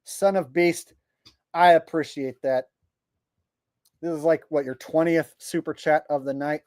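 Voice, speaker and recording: A man's voice: a little high, fairly even intonation, unhurried, darkish tone, dry recording. Blunt, profane male streamer. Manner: blunt and profane, exasperated rants; reads viewer messages aloud in mock voices. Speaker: livestream host reading viewer super chats. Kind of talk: casual livestream chat.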